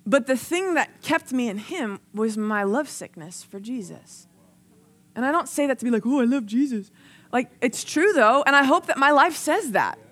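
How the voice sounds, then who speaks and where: A woman's high, somewhat bright and animated voice carries her sermon into a microphone at a moderate pace. She tells personal stories earnestly and conversationally, saying "like" a lot as she builds intensity.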